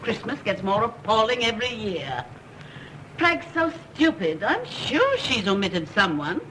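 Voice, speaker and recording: A woman's voice: on the high side, wildly swooping pitch, measured pace. An actress playing a haughty rich society mother in a 1930s film, imperious and theatrical. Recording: old film soundtrack with faint hiss.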